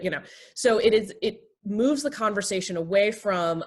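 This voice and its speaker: A woman therapist and pastor teaching basic communication skills in a relaxed talk, acting out short everyday examples. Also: medium pitch, normal speed. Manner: explains with acted everyday examples.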